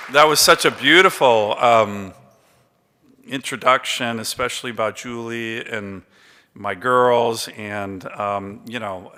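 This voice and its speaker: Bright-voiced man speaking in a big hall. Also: medium pitch, smooth. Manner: chatty anecdotal storytelling with many fillers. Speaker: award recipient giving a speech. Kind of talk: after-dinner acceptance speech. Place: large banquet hall. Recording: long reverb of a big hall.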